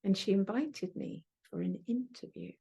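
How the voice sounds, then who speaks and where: A middle-aged woman, an astrology teacher, telling a personal story with vivid sensory detail and soft asides. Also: medium pitch, expressive, normal speed, creaky, husky.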